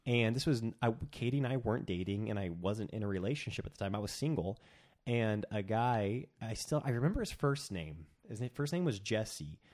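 A young man with a somewhat low voice chats easily as a podcast co-host. He tells stories with animated energy, often stopping to restart a phrase. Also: brisk. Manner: animated storyteller, many restarts. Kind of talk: casual chat.

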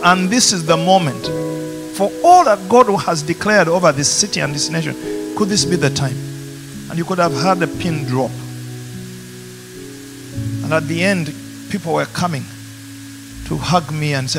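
A pastor with a Ugandan accent preaching a passionate sermon in a church, rising to emphatic peaks. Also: male voice, a little high, normal speed, long pauses. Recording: music playing behind.

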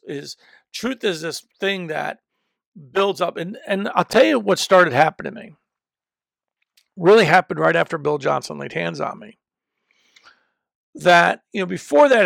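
A preacher and teacher gives an emphatic teaching sermon into a microphone, his high, heavily gravelly voice swinging animatedly up and down. He circles back and restarts phrases to drive each point home. The studio-quality recording has no room sound.

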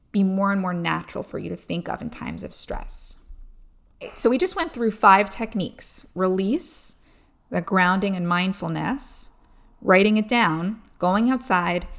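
A woman in her thirties hosting a calm advice podcast, speaking gently and encouragingly straight to the listener. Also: medium pitch. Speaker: podcast host.

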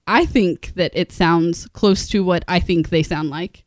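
A woman's voice: on the low side, measured pace, dry recording, clean studio sound. A middle-aged woman from northern Kentucky chatting casually and laughing often as she tells stories. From northern Kentucky area. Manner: giggly, laughs often while telling stories. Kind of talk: casual chat.

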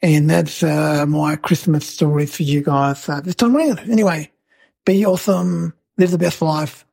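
A cheeky little boy, voiced by a woman, rambles through a silly story, peppering it with "like" and "right?". His voice sits low and gravelly with a husky edge. The recording is close and dry. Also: moderate pace, warm tone, dry recording, heavily acted. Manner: rambling, chatty, full of "like" and "right?". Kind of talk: storytelling to camera.

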